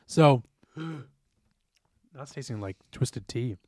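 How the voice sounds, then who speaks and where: A man's voice: medium pitch, animated, drawn-out words, dark tone, slight background noise. A young man co-hosting a podcast, telling a casual, rambling story full of "like" and swearing. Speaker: podcast co-host.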